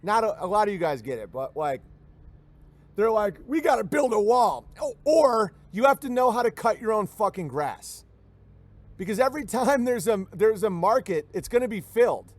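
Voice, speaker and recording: Rambling through a joking rant, this comedian and talk-stream host keeps dropping into mimicked voices. He has a high, expressive voice at a normal speed, captured in a dry recording.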